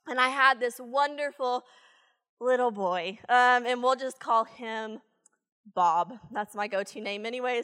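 High-voiced woman telling a sermon story. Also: in a large hall. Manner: animated, chatty, many "like"s. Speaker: church speaker, former teacher.

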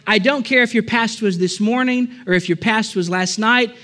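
Male preacher, high voice, conversational sermon building to emphatic repeated phrases. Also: normal speed, bright, forceful tone. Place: church with a balcony.

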